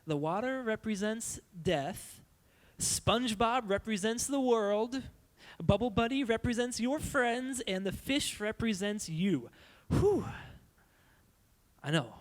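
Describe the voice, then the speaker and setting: A young man giving a playful, animated youth sermon, acting out silly voices as he goes. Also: sits high, slow pace. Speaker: youth pastor.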